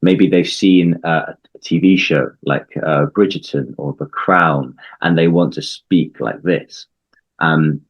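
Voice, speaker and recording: British guy, very deep and husky, dull lo-fi sound, patient explainer with lots of ums. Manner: measured, explanatory, with frequent ums and restarts. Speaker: English coach, guest. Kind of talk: conversational interview.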